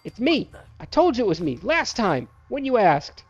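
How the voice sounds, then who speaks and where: In a casual let's-play, a streamer talks to his game characters like a scolding parent ordering children to bed, all in play. His voice is high-pitched and sing-song at a normal pace. A little hiss or hum sits under the audio.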